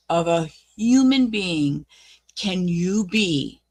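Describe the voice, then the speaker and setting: A woman's voice: on the low side, slow pace, a bit bright. A woman hosting a reaction channel, speaking hesitantly with fillers and flaring into outrage. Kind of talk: casual reaction commentary.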